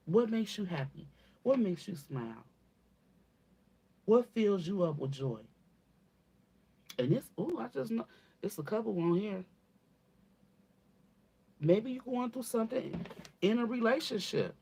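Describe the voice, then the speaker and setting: A spiritual reader with a dark, husky, medium-pitched voice gives her viewers a channeled reading, very animated but unhurried and with long pauses. Casual and blunt, she swears, calls listeners "baby," and emphatically repeats things while asking "okay?"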